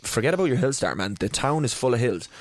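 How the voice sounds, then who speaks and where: A young Irish man on a podcast, telling a story in a lively, casual way, swearing and laughing as he goes. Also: medium pitch, fast. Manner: animated storytelling, swears freely, laughs mid-sentence. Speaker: podcast co-host. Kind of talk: casual chat.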